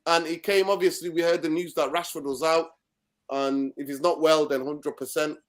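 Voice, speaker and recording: A man giving a casual football rant as a guest, animated and exasperated. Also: fairly high pitch, normal speed. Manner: ranting, animated. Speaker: guest pundit.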